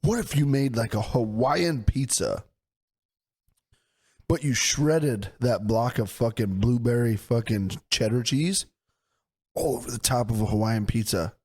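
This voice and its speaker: A man co-hosting a casual podcast, telling animated stories and swearing freely. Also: mid-range voice, measured pace, husky. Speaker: podcast co-host. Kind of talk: casual chat.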